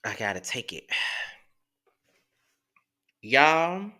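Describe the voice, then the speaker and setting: A man in his thirties speaks slowly and with feeling, repeating himself as he thanks his viewers and fights back tears. His voice sits lowish but has a bright, forceful edge. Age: 30s. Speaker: YouTube show host. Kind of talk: emotional thank-you to viewers.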